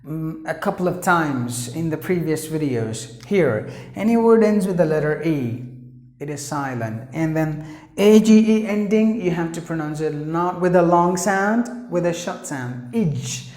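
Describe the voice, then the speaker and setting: Male teacher from India, slow deliberate delivery, roomy echo. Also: fairly high pitch, animated. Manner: repeats words slowly, stresses sounds, asks "yeah?". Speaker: English pronunciation teacher. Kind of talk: slow, patient pronunciation lesson.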